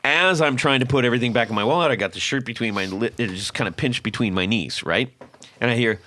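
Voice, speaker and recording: Animated man telling a story. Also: mid-range voice, fast talker, no room sound. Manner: animated, acts out quotes with laughs. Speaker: podcast host. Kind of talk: casual storytelling.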